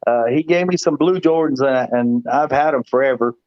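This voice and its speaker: A man's voice: mid-range voice, moderate pace, no room sound, muffled recording. A man, a guest pool player, telling a long story in casual chat, rambling and repeating himself with laughs.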